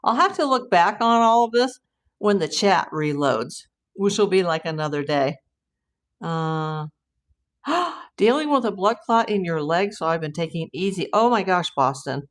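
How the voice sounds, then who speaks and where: A woman's voice: on the low side, lively intonation, normal speed. A woman from Southern California hosting a true crime livestream, chatting casually, reading viewer comments and rambling with frequent laughs.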